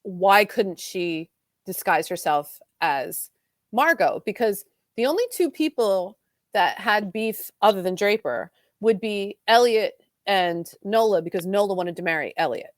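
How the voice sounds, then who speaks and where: A woman co-hosting a podcast talks fast and animated as she recaps a soap opera, full of "like"s. Her voice sits in a middle range and sounds dry and close to the mic. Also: mid-range voice, no room sound. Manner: fast, animated retelling with many "like"s. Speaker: podcast co-host.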